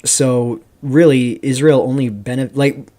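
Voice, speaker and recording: A man hosting a live stream, rambling casually through commentary, reading chat questions aloud and filling pauses with "um" and "like". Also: mid-range voice, fairly even intonation, mellow. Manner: rambling, reads chat aloud, many fillers. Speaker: streamer host.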